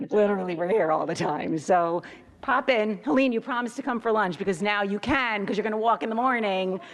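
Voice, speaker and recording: A middle-aged woman teacher giving an unplanned, rambling farewell to a retiring colleague, laughing and fighting back tears. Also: medium pitch. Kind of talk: impromptu farewell speech. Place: school board meeting room.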